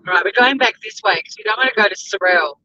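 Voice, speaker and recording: A woman's voice: medium pitch, fast talker, sharp tone, muffled recording, slight background noise. An Australian woman from Tasmania chatting casually and swearing freely while she drives and answers a live chat. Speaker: livestream host. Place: in a car, driving.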